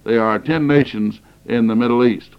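A man's voice: mid-range voice, moderate pace, gravelly, clear, resonant tone, lo-fi sound. A man recovering from the flu, coughing now and then, giving an earnest, emphatic lecture on Bible prophecy that stresses points by repeating phrases, recorded on a cassette tape.

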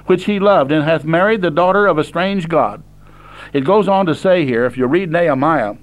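An older man preaches in a high, lifted voice. He reads scripture slowly and deliberately, then breaks it down in plain, direct words for his listeners. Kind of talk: sermon reading and explaining scripture.

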